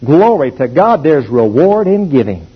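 Animated husky-voiced preacher man. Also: fairly high pitch, measured pace. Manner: emphatic, animated teaching with call-and-response. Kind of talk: sermon. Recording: dull lo-fi old recording.

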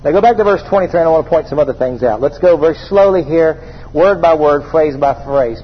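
A high-voiced male pastor delivers a sermon in a church, drawing the crowd into call-and-response. The recording sounds dull and lo-fi, with a long reverb tail and faint background noise. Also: a little fast, slightly rough. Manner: call-and-response preaching, repeats phrases.

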